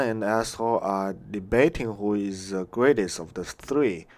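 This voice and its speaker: A man's voice: lowish voice, a little slow, hardly any pauses. A man casually reading online jokes aloud, often laughing and stumbling over words. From Canada.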